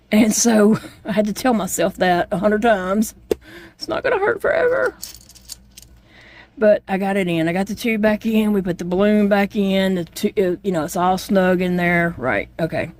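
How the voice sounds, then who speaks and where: A woman's voice: medium pitch, a little mellow. Rambling woman vlogger. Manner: rambling, plainspoken storytelling with frequent fillers. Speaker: chronic illness vlogger. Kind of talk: casual vlog chat.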